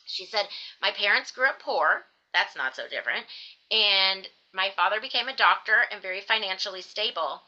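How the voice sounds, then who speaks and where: Animated bright-voiced woman telling stories. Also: medium pitch, moderate pace, lo-fi sound. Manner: animated, acts out quoted voices. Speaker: podcast guest, dietitian. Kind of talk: casual storytelling interview.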